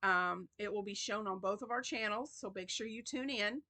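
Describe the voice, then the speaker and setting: A woman's voice: mid-range voice, normal speed, sharp tone. A woman hosting a crochet channel in a casual vlog, chatty and rambling with many restarts, tired and yawning.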